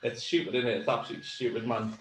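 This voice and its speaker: A man's voice: mid-range voice, flat delivery, very fast, over music. A man with a Sunderland accent co-hosting a casual chat over beers, telling rambling stories and laughing along. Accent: Sunderland (Mackem). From Sunderland, England. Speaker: podcast co-host. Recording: echoey room with faint ambience.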